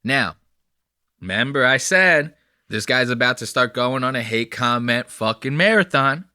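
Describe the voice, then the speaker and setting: A man's voice: medium pitch, expressive, a little slow, sharp tone, no room sound, clean studio sound. A young man hosting a podcast, giving blunt, profane, heated commentary on video clips. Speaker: podcast host. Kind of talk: casual commentary reacting to clips.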